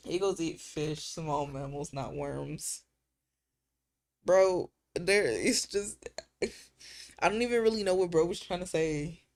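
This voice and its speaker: Speaking slowly in a lowish voice with frequent pauses, a woman streamer keeps the chat casual. Her humor is crude and teasing, punctuated by lots of laughter, and she drifts into fillers between thoughts.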